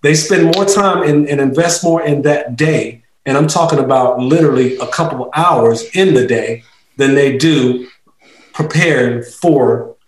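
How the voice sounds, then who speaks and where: A man's voice: medium pitch, a little slow. A man who wrote a book, sharing reflective personal stories about weddings and marriage on a panel. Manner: reflective, anecdotal, teacherly. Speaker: author and panelist. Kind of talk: casual panel chat. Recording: roomy echo.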